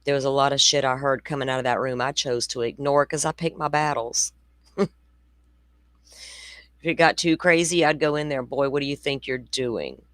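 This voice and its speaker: Rumbling low and steady in tone, this woman speaks at a moderate pace with long pauses on a dry recording. She's a true crime podcast host in her forties, offering casual livestream commentary that's chatty, blunt and full of asides.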